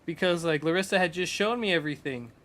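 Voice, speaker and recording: In what sounds like casual streamer chat, a man with a fairly high, bright voice talks fast, loosely, and at length. He swears freely and keeps dropping into quoted lines while retelling a story.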